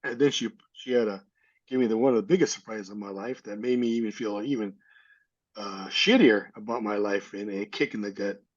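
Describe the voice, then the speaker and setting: In a slightly dull lo-fi recording, a middle-aged man being interviewed tells a personal story openly and sincerely. His voice is lowish and fairly quick, and he often breaks off to restart and say his words again.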